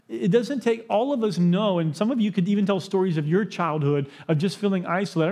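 Male pastor, 30s, slightly high pitch; conversational sermon delivery with light joking asides. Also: a little mellow. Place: church sanctuary.

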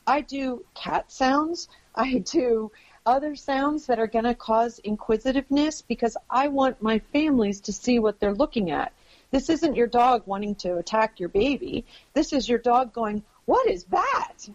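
A woman's voice: medium pitch, a little mellow. A woman speaking as a guest expert in a podcast interview, explaining earnestly and emphatically and often checking that the listener follows. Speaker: guest expert on dogs and families. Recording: dull lo-fi audio.

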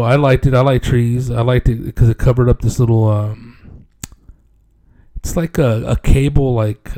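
With a mellow, medium-pitched voice, a man casually narrates a story, cursing freely and dropping "dude" throughout. When quoting others, he acts out their lines in raised voices.

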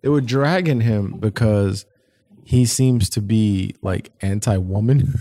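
A man's voice: fairly low pitch, takes it slowly. A man co-hosting a podcast, talking in loose, joking banter and swearing freely. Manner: animated, laughing, swears freely. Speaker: podcast co-host. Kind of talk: casual banter.

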